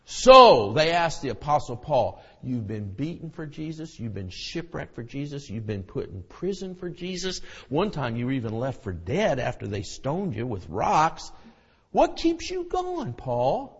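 A middle-aged man preaches a sermon in a husky, bright voice with a very lively pitch, dropping to hushed near-whispers and rising to loud shouts. The recording is dull and lo-fi, with a long reverb like a church sanctuary. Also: a little slow.

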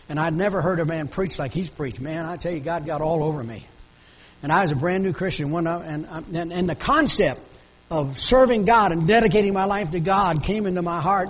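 A man's voice: high-pitched, in a large hall, a little hiss or hum, rough recording. A middle-aged male pastor preaching a sermon in a fervent, pleading manner.

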